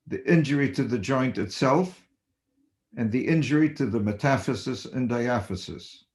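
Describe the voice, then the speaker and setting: Slow, deliberate older male surgeon lecturing. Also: medium pitch, darkish tone. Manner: measured, deliberate, emphatic on principles. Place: home or office on webinar.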